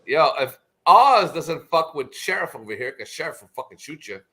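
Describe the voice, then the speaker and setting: Loud animated swearing man. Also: a little high, normal speed. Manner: animated storytelling, acts out others with loud shouted quotes. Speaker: live stream chat participant. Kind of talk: rowdy casual chat, profane.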